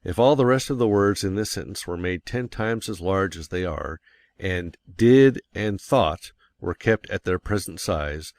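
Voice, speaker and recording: A man reading nonfiction aloud as an audiobook narrator, in a measured, deliberate manner. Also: sits low, no echo.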